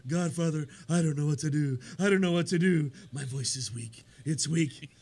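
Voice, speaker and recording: A man voicing a tearful, smooth-voiced crooner who pleads for help. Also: fairly high pitch, moderate pace, a little mellow. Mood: pleading. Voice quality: smooth, whining. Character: weepy crooner begging a mob boss.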